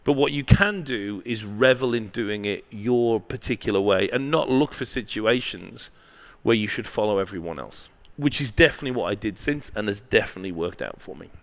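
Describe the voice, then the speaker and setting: Brief: male guest, lively pitch, swears freely, punchy anecdotal delivery, checks in with "right?". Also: a little fast. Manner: profane, animated storyteller with tag questions. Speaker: guest, marketing professor. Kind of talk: candid storytelling interview.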